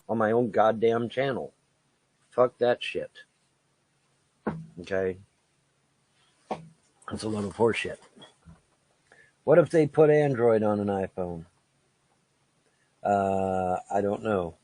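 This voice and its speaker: A man's voice: on the low side, slow pace, pauses often, a little mellow, no room sound. A man brushing off critics in a mocking, profane way.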